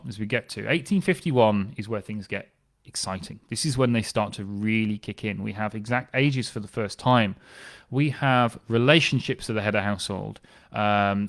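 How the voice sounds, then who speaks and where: Male records specialist, lowish voice, chatty, enthusiastic explainer. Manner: conversational, with fillers and restarts, enthusiastic. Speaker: family history specialist. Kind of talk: explanatory talk on genealogy records.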